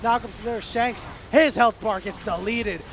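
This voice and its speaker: High-voiced excitable esports caster man. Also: slight background noise. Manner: rapid excitable play-by-play. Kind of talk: live esports commentary.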